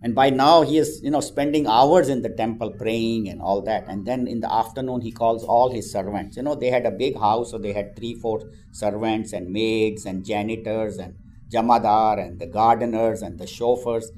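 A man's voice: fairly low pitch, steady tone, moderate pace, darkish tone, a little hiss or hum. A man telling a spiritual parable in a conversational way with frequent asides. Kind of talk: storytelling a parable.

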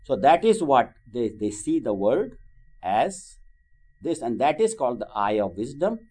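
A man teaching a spiritual class, gently telling stories with many fillers. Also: medium pitch, big pitch swings, measured pace, slightly rough.

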